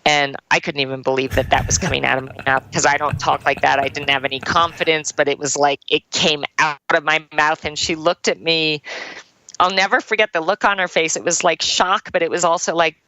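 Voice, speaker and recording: Low, gravelly woman telling her story. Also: steady tone, fairly quick, pushed and bright, dry recording, rough recording. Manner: earnest, heartfelt, with frequent "like" fillers. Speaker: triathlon champion and coach, guest. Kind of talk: personal storytelling in a podcast interview.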